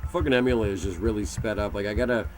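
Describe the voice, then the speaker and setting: A man's voice: lowish voice, rapid-fire, darkish tone, a little hiss or hum. Casting: male game streamer, loose, profane, rambling casual chat. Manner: profane, rambling, jumps into mocking voices.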